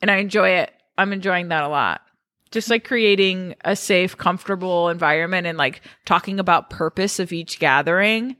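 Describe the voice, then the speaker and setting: A woman's voice: on the low side, moderate pace, fairly bright tone, no echo. A woman co-hosting a podcast in casual chat, rambling with lots of "like" fillers. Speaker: podcast co-host.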